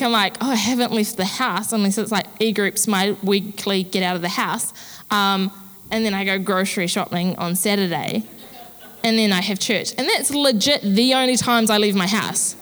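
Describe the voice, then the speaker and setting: A woman's voice: a little high, fairly bright tone, in a large hall. A woman pastor giving a candid, chatty sermon with self-deprecating humor.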